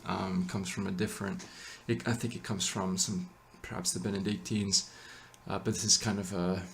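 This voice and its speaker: A man explaining a chant melody in a relaxed, halting way, pausing often with fillers and correcting himself. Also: low-pitched, gravelly, a little hiss or hum. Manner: hesitant, many ums and self-corrections. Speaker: chant teacher. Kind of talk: casual explanation with sung chant examples.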